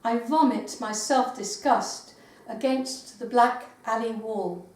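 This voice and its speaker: An older woman poet giving a live poetry reading in a meeting house, with measured recitation and hesitant spoken asides. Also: a little high, a little mellow. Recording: roomy live recording from far off.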